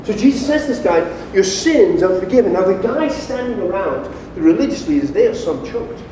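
A man preaching a casual, animated sermon to a congregation, talking informally as a pastor. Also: high voice, brisk, slight background noise. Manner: animated and informal, acts out quoted voices. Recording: echoey hall, distant mic.

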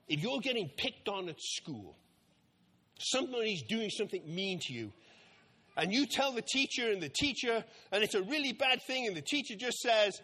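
A man tells a Bible story to a group of children, playing out the characters as he goes. His voice sits very high and bright. The delivery is animated, with lots of swing in pitch. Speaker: children's talk leader.

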